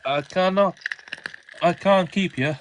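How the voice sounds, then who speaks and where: Slow, rambling man in character banter. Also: high voice, a little hiss or hum. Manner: rambling, self-aware asides. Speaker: voice actor for a fan model-train series.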